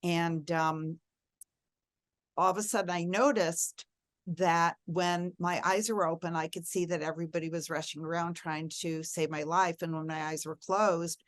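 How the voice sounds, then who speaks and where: A woman's voice: lowish voice, fairly even intonation, normal speed, dry recording, clean studio sound. Earnest middle-aged woman telling a story. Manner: earnest, reflective, emphatic on key words. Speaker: interview guest. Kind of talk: personal storytelling in an interview.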